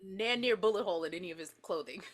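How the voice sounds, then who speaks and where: A woman's voice: on the low side, fast. A woman co-hosting a casual movie recap podcast, retelling scenes playfully with giggles. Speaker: podcast co-host.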